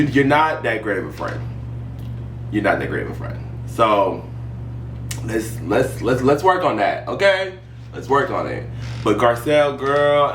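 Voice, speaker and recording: Sassy, animated man in a roomy echo. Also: on the low side. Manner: sassy, animated, emphatic repetition. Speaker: podcast host. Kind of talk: casual reality TV commentary. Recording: roomy echo, distant mic, faint hum.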